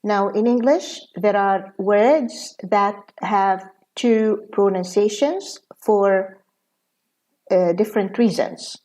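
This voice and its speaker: A female English professor gives a pronunciation lesson, speaking slowly and deliberately with plenty of fillers. Her voice is mid-range and warm.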